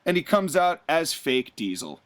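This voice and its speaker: A man with a high, lively voice tells a wrestling story on a podcast. He talks in a casual, animated way and slips into the wrestlers' voices as he goes. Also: moderate pace, smooth. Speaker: podcast host recapping a wrestling show.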